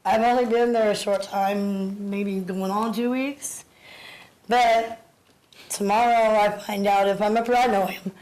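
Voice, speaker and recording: A woman's voice: medium pitch, steady tone, darkish tone, a little hiss or hum, poor audio. Breathless woman speaking at a council podium. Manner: emotional, halting, repeating words. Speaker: public commenter. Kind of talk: public comment at a council meeting. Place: city council chambers.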